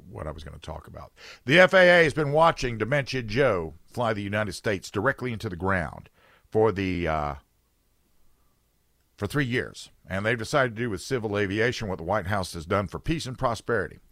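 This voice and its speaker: A man's voice: fairly low pitch, animated, moderate pace, gravelly, a bit bright, dry recording. A man hosting a talk radio show, rambling and sarcastic in an opinionated chat from a studio.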